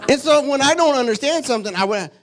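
A man preaching a sermon, moving from solemn teaching to lively storytelling. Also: extremely high pitch, quick pace, a faint crowd. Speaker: pastor.

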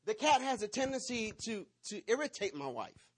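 A man, preaching to his congregation and telling a lively personal story, swinging between loud bursts and hushed asides. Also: high voice, moderate pace, breathy edge. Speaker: pastor.

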